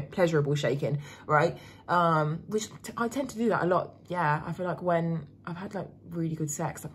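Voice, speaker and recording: A woman's voice: lowish voice, breathy edge. A young woman, rambling candidly in a casual vlog, full of fillers and swearing. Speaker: vlogger.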